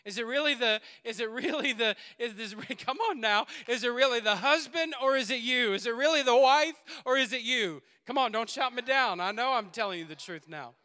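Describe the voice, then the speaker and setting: A man preaching a sermon in a church, swinging between loud exhortation and quiet asides and laughing often. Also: extremely high pitch, moderate pace, few pauses, clear, resonant tone. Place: church sanctuary.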